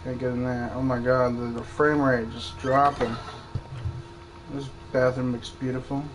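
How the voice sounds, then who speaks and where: A man's voice: medium pitch, level tone, a little slow, background noise. A man streaming a game, chatting to himself and to viewers as he plays. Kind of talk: live game commentary.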